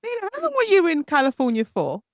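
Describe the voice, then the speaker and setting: A woman's voice: very high voice, wildly swooping pitch, dry recording, clean studio sound. A woman hosting an interview podcast, chatty and encouraging. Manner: chatty, encouraging, quick to laugh. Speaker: podcast host. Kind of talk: conversational interview.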